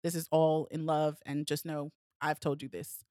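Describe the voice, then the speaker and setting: A young woman co-hosting a podcast, talking casually in an animated, sassy way and telling a story with many restarts. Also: low-pitched, normal speed, dry recording, clean studio sound. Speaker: podcast co-host.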